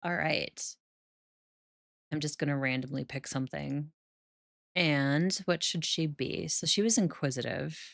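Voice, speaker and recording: A woman's voice: deep voice, a little slow, gravelly, long pauses, no echo. A woman from the northern United States with an accent close to Canadian, chatting casually with her viewers while playing a life-sim game and laughing often. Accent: northern US, near Canada. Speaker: Sims gameplay streamer.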